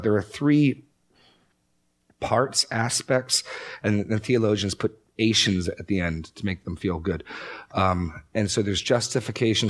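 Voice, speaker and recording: Male pastor, low voice, emphatic class teaching, casual asides. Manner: conversational, emphatic, quick asides. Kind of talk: teaching talk.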